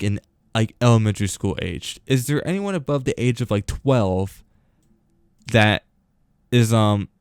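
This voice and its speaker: Teen male host, sarcastic rambler, lively and smooth. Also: medium pitch, dry recording, clean studio sound. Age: teenager. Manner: rambling, filler-heavy, sarcastic. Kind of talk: casual rant vlog.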